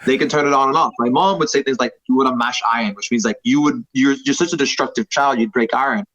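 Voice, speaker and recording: This jiu-jitsu instructor, in his thirties, talks fast in a mid-range, somewhat bright voice. As a guest on a casual podcast he rambles with many fillers and self-deprecating remarks. The recording is slightly dull.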